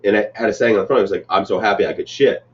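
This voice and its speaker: Fast-talking joking man, off mic. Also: lowish voice, far from the mic. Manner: fast, joking, profane storyteller. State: tipsy. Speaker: podcast host. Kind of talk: casual chat. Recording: dull sound from off mic.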